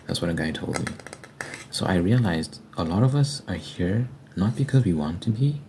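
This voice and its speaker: A young man hosting an ASMR video, telling a rambling, candid story in a casual way and sometimes dropping to a soft near-whisper. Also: deep voice, animated, a little hiss or hum. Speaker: ASMR channel host. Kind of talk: casual storytelling over fast tapping ASMR. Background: fast tapping and typing sounds.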